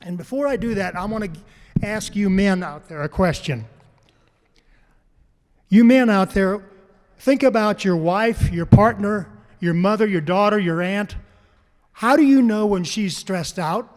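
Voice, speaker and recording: A man's voice: sits high, a little slow, long pauses, darkish tone. A man giving a talk to a live audience, telling stories and asking the crowd questions, then repeating their answers. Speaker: panel speaker on farm mental health. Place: conference hall. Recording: long hall reverb.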